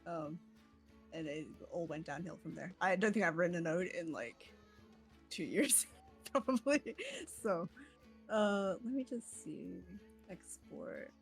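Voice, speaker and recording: A woman's voice: lowish voice, lively intonation, slow pace, creaky, faint music behind. Giggly rambling young woman. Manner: giggly, rambling, swears freely. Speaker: player in a tabletop game. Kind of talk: casual streamed game chat.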